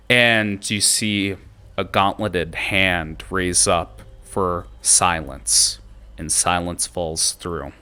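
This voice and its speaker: Deep-voiced, unhurried male game master. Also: fairly even intonation, bright, forceful tone. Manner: unhurried narration with frequent filler pauses. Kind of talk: narrating a tabletop game.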